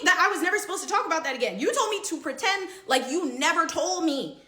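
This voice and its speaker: A young woman with a high, bright voice tells a juicy story about a friend while she gets ready. She talks casually and dramatically and acts out everyone's lines. The recording has a roomy, echoey feel. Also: fast. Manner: animated, dramatic retelling with quoted dialogue.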